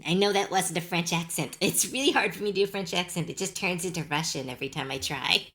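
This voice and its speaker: A woman's voice: on the low side, quick pace, fairly bright tone. A young adult woman streamer chatting casually on a live stream, chatty and self-deprecating, laughing often.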